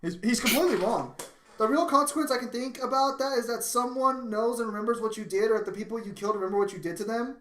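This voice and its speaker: A man streaming live, chatting casually and excitedly, swearing often and breaking into laughter. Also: very high-pitched, fast.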